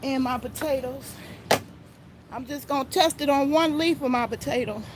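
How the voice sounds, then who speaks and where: High-voiced woman chatting in her garden. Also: normal speed, background noise. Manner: chatty, talks to viewers as "y'all" while spraying plants. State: slightly out of breath. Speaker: gardening vlogger. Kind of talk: casual narration while gardening. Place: outdoor home garden.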